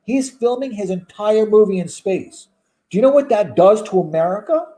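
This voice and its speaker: In a casual chat, a male guest argues his opinions emphatically and stacks up rhetorical questions. His voice is high-pitched and expressive, with a dark tone and normal speed.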